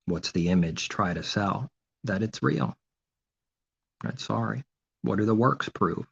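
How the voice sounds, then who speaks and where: A man preaches an informal sermon in a deep, gravelly voice with a husky edge, firing off rhetorical questions and answering them himself. His tone turns mockingly sarcastic at times, and the recording sounds dull and lo-fi. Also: lively intonation, measured pace.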